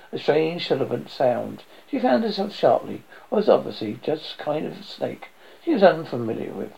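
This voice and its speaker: Gravelly man reading horror aloud. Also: fairly high pitch, dark tone. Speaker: narrator. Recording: dull lo-fi audio.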